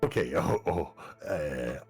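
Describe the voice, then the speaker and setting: Man with a very deep, creaky, husky voice. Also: lively intonation, takes it slowly, a little mellow, faint music behind. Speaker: player. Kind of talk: casual tabletop game chat.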